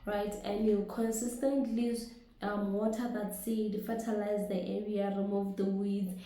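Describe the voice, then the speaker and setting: A woman with a husky voice, hoarse from a flu, giving an earnest motivational talk to camera and often checking in with her listeners. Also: mid-range voice, little pitch movement, unhurried, dark tone. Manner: earnest, keeps asking "right?" to the audience. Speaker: motivational speaker and business coach. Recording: very echoey room.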